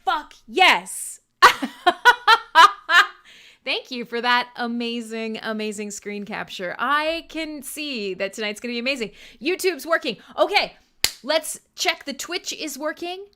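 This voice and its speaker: A woman hosts a live-streamed show in loose, casual chat. She swears freely, jokes and laughs often. Her voice is bright, clear and crisp, pitched a little high. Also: animated, unhurried. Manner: profane, joking and laughing often. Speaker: host.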